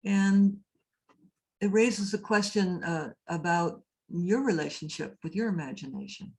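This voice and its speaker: A woman's voice: fairly low pitch, unhurried, darkish tone. A woman priest giving a conversational lecture, telling stories and often turning to ask her listeners questions. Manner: storytelling, often asks the audience questions. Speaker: priest and labyrinth teacher giving a talk. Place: cathedral speaker event.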